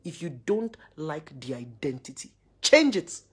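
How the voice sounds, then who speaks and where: A Nigerian woman with a Nigerian accent giving a forceful, preachy to-camera rant full of repeated rhetorical questions. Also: sits low, very animated, a little slow, slightly rough. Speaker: social media commentator.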